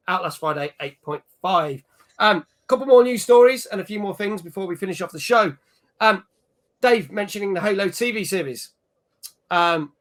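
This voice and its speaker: Man, gaming show host, casual chat, higher voice, reads viewer comments. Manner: chatty, reads out chat messages and scores. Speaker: podcast host.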